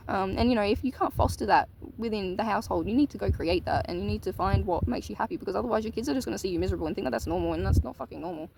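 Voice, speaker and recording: A woman's voice: mid-range voice, rapid-fire, vocal fry, darkish tone, slight background noise, low-quality recording. A woman telling a personal story in a casual, candid monologue, swearing casually. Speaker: vlogger.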